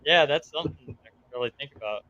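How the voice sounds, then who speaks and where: A man's voice: on the high side, expressive, quick pace, muffled recording, crowd noise. A man joining a casual chat as a guest, agreeing readily and answering briefly.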